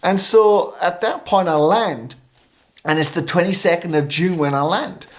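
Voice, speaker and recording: A male minister, a guest on a talk show, tells a story with lively energy and acts out the voices of the people in it. His voice sits a little high for a man. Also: unhurried. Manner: animated, acting out quoted dialogue.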